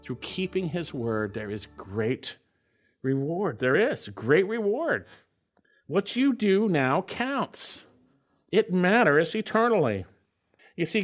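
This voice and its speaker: Male pastor, sermon delivery, emphatic with drawn-out repetitions, very animated pitch.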